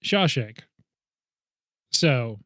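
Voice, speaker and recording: A man's voice: mid-range voice, lively intonation, very slow, a bit bright, dry recording, clean studio sound. A man co-hosting a movie podcast, chatting casually and hedging his guesses with self-deprecating laughs. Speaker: podcast co-host.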